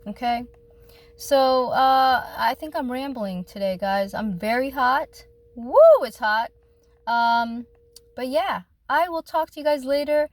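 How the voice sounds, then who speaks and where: A woman's voice: high voice, slow pace, low-quality recording. A woman vlogging casually about her faith, rambling and heartfelt, speaking straight to her viewers from a parked car outdoors. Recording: outdoor traffic noise. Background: car and street noise.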